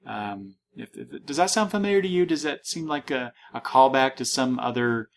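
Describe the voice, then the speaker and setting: A man's voice: mid-range voice, expressive, normal speed, slight background noise. A man in a mid-range voice hosts a comic book podcast. He meanders, restarts his sentences and reads the panels aloud. It sounds like casual, unscripted chat. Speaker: podcast host.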